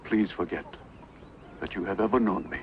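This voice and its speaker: An actor playing a discreet, secretive man in a 1960s film dub, speaking in a quiet, guarded way. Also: deep voice, normal speed, dull audio, slight background noise, lightly acted. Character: discreet male rescuer, secretive and courteous.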